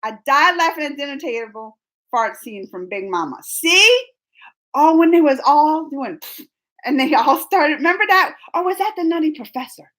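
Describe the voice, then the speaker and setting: A woman in her forties hosting a casual livestream, chatting with viewers in a rambling, animated way and laughing often. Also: sits high, moderate pace. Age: 40s. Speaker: livestream host reading chat. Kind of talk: casual live chat.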